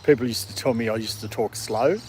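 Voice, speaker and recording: A man's voice: mid-range voice, brisk. Laid-back Australian man, mid-range voice, chatting easily outdoors with faint background noise. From Australia, country town. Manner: relaxed, rambling, chuckles often, coos at his dog. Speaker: dog livestream host. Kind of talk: casual outdoor livestream chat. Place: outdoors in a city park in the evening.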